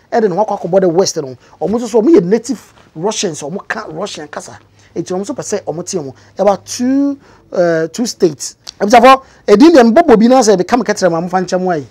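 A Ghanaian-accented woman talks through the news in a conversational way, leaning on fillers as she explains. Her voice is husky with a breathy edge and sits at a middle pitch. She lifts her voice now and then to stress a point. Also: a little mellow. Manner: conversational with many fillers, rising emphatic stretches. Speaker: news commentator. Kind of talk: explanatory commentary mixing English and Twi.

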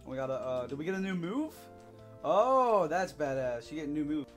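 A young man narrating his gameplay in a fairly high voice, excitable and loud, whooping at every hit. Faint music plays behind him. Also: quick pace. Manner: excitable, shouting and whooping while playing. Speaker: gaming YouTuber. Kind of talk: let's play commentary.

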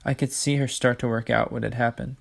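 A man reading a children's novel aloud in a plain, unhurried narrating voice. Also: medium pitch, fairly even intonation, vocal fry. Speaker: audiobook reader.

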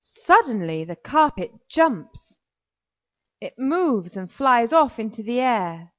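A woman narrating a children's story in a slow, clear, carefully paced way. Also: a little high, sing-song.

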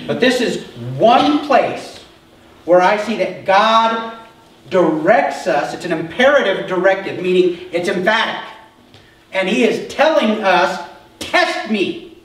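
A man with a high voice preaches a sermon in a relaxed, chatty way, often asking his listeners whether they follow. He is picked up from a distance in a very echoey church hall. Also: a little slow. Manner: conversational preaching, asks the congregation questions. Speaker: pastor.

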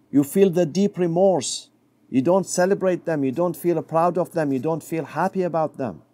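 Preaching to his congregation, a middle-aged man recounts a story, his voice sinking soft and low for the quoted words. There's no room sound in the recording.

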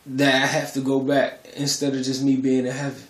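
A man's voice: medium pitch, monotone, a little fast. Rambling man in an echoey room. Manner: rambling and conversational, with many fillers. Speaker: video creator sharing a spiritual testimony. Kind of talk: casual religious vlog testimony.

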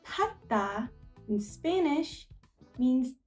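Sing-song woman coaxing toddlers, slow. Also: sits high, sing-song. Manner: slow, deliberate repetition for toddlers. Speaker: children's language teacher. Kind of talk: children's educational talk. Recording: echoey room with faint music.

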